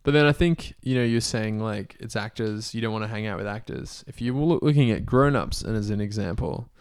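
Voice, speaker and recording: Gravelly low-voiced man. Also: fairly quick, darkish tone, dry recording, clean studio sound. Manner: laid-back, sweary banter. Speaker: podcast co-host. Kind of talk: casual chat. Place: indoor room at home.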